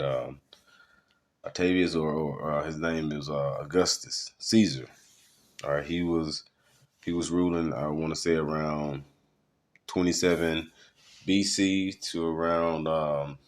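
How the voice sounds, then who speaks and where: A man teaching in a loose sermon style, rambling through web articles with many fillers. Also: extremely low pitch. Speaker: preacher.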